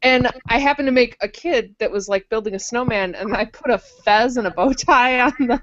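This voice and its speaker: A woman's voice: fairly high pitch, normal speed, a bit bright. A young woman telling a story in casual chat, giggly and chatty. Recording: muffled lo-fi recording.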